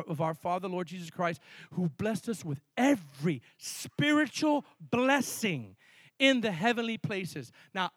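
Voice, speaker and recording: A male pastor preaching a sermon with energy, mixing sudden loud emphasis with quick asides. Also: very high-pitched, no room sound.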